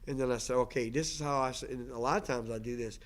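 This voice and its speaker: Medium in pitch but fast, this man who teaches language answers questions in a casual, earnest lecture. He frequently restarts and repeats things.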